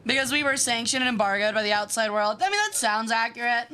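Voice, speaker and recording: A woman streaming a game with casual commentary. She sounds bratty, swears freely and reacts fast. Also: fairly high pitch, lively intonation, bright, forceful tone, slight background noise.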